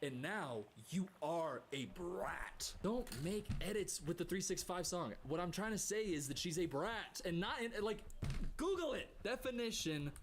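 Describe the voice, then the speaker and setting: Animated sarcastic man reacting to clips. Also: sits high, normal speed, slight background noise. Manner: mimics others in a whiny voice. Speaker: streamer reacting to videos. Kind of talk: casual commentary.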